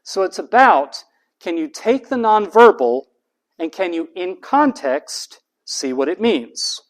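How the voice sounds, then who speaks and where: An university lecturer teaching a class in a classroom. The voice is pitched up on purpose to carry across the room, and the pace is slow and emphatic, leaning on key terms. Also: very animated. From United States.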